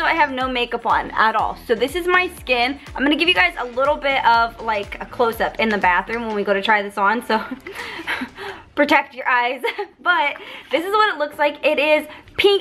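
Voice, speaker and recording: Young American woman, beauty vlogger, high and bright, giggly casual chat. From United States. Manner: bubbly, chatty, giggly. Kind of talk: casual product review vlog.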